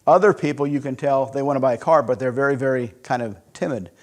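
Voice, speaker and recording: A man teaching sales psychology through a conversational, animated personal story. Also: medium pitch, fast talker. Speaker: sales instructor. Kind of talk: storytelling lesson.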